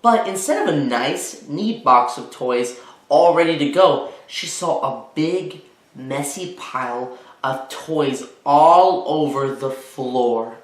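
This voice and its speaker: A man's voice: on the high side, animated, slow. Man reading a storybook aloud to kids. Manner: gentle, chatty teacherly asides. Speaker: children's story reader. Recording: roomy echo.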